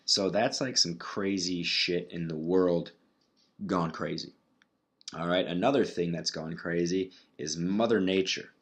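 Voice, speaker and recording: A man's voice: sits low, measured pace, a bit bright. A man hosting a casual solo podcast, talking in a rambling, profane way with many restarts. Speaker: podcast host.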